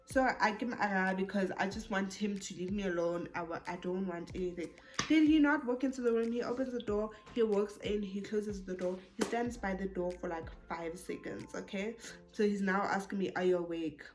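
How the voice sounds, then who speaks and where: A young South African woman telling a storytime vlog, animated and code-switching, who rises into exasperated bursts. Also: medium pitch, normal speed, faint music behind. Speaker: YouTuber.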